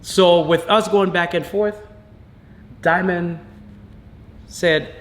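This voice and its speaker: A man, a father, telling a personal story to camera in a halting, emotional way, full of fillers and restarts. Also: high-pitched, steady tone, roomy sound.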